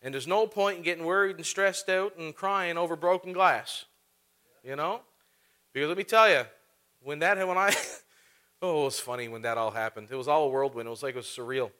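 A man's voice: fairly high pitch, fairly quick, bright, forceful tone, smooth. A man preaching a sermon, telling a funny story and laughing often as he talks. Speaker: pastor.

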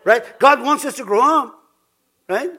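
Male pastor, informal sermon; high, bright voice, chatty, laughs often, restarts mid-sentence. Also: a little slow.

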